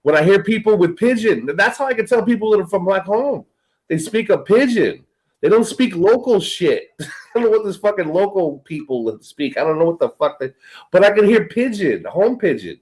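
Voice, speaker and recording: A man's voice: sits high, expressive, moderate pace, darkish tone, poor audio. A man from California's Central Valley, co-hosting a podcast, chatting in a rambling, crude and jokey way. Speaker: co-host. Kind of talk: casual podcast chat.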